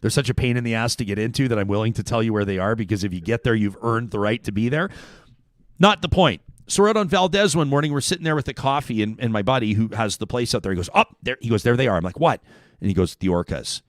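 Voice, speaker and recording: A man hosting a talk show, telling stories in a lively, rambling way with many restarts. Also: fairly low pitch, quick pace, no echo, clean studio sound. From Canada. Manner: animated storyteller, chatty with many restarts. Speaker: radio talk show host. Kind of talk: casual talk show chat.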